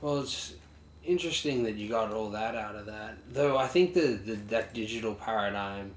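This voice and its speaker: Speaking at a moderate pace in a lowish voice, this podcast co-host rambles through a casual music review chat, full of fillers and false starts. Faint background noise sits under a roomy sound.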